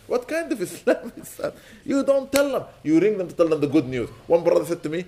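A man's voice: on the high side, very animated, fast, warm tone. A man speaking as a sheikh, giving a storytelling sermon in which he quotes Arabic and then translates it. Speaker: sheikh giving an Islamic lecture.

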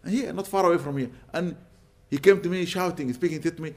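An older man giving an Islamic lecture, telling stories earnestly with sudden bursts of loud emphasis. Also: on the high side, brisk. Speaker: Islamic preacher. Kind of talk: religious lecture with storytelling.

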